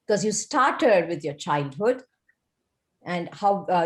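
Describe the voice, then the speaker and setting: An encouraging woman evaluates a newcomer's first speech over a video call. Her pitch sits in a normal middle range, and her delivery is measured and teacherly. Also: darkish tone. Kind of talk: speech evaluation at a club meeting.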